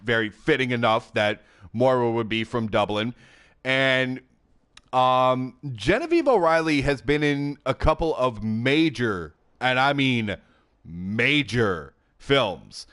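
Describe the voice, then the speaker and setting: A man's voice: mid-range voice, slow. Chatty male gaming host on a headset. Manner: chatty and excitable, with frequent laughs and filler. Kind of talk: casual game commentary.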